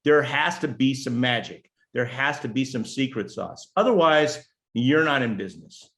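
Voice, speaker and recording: Middle-aged American man, guest strategist, animated, joking, loose filler-heavy chat. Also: mid-range voice, moderate pace. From United States. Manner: animated, jokey, many fillers and restarts. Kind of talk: casual interview chat.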